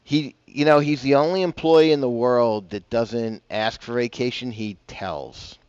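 A man's voice: medium pitch, measured pace, darkish tone, smooth, no echo, lo-fi sound. A man hosting a casual morning golf radio show, rambling and chatty with self-deprecating asides, on a broadcast mic. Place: broadcasting from a bar.

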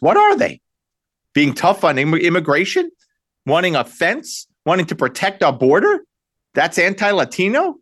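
Sarcastic talk radio man, lively pitch. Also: no echo, clean studio sound. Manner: sarcastic, combative, rhetorical questions.

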